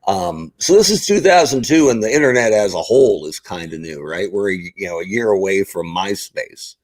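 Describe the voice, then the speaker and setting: Middle-aged man, husky voice, lively pitch, casual podcast chat, acts out what people said. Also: normal speed, dry recording, poor audio. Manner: animated storyteller, acts out quoted exchanges. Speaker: guest.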